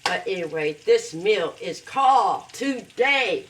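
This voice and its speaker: A woman in a home kitchen talks through a recipe at an unhurried, drawn-out pace, now and then letting out loud whoops of delight. Her voice sits at a middle pitch and is picked up from a little way off the mic, with faint kitchen noise and frying underneath. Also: big pitch swings, far from the mic, low-quality recording. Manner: slow, heartfelt talk broken by loud whooping cheers. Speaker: home cooking vlogger. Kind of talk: casual cooking demonstration.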